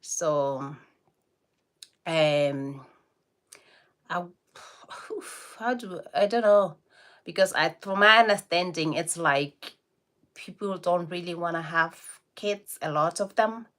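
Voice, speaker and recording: A woman in her forties chats through a casual livestream, answering viewers' comments one by one. Her voice sits a little low, and she talks slowly, with friendly laughs scattered between her remarks. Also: a bit bright. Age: 40s. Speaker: livestream host.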